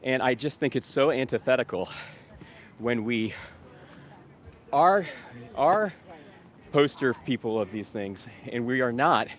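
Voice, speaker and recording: A man's voice: medium pitch, normal speed. A man recording a casual vlog outdoors on a town street while doing vegan outreach. He talks in a rambling, upbeat way with many fillers and restarts. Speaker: vegan street activist and vlogger.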